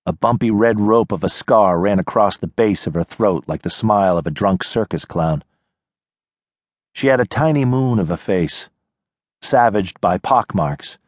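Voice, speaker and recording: Male audiobook narrator, low voice, very slow and measured, dry close-mic studio sound. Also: no room sound. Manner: measured, unhurried storytelling. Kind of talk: scripted narration.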